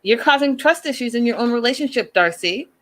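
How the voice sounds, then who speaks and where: A woman's voice: on the high side, lively intonation, a little fast, slight background noise. A woman hosting a casual recap show, chatty and opinionated, firing off rhetorical questions. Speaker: host.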